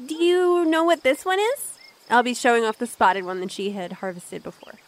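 A woman playing a tabletop role-playing game, slipping between her character and narration with giggly, gushing bursts. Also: normal speed. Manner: giggly, gushing, voice jumps up high. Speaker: player.

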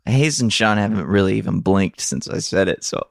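A male comedian in casual chat, self-deprecating and quick to laugh at himself. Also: on the low side, expressive, vocal fry, no echo, studio quality.

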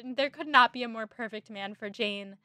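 A woman's voice: on the high side, moderate pace, sharp tone, no room sound, clean studio sound. A young woman co-hosting a podcast in casual book chat, giggly and gushing, sighing often. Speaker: podcast co-host.

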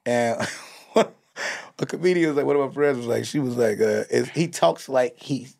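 A man co-hosting a casual comedy chat, telling stories in an animated way, breaking into laughter and mimicking people. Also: medium pitch, moderate pace, vocal fry. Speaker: co-host.

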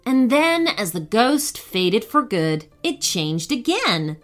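Woman narrator, children's story, expressive, slightly high voice, faint music behind. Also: takes it slowly.

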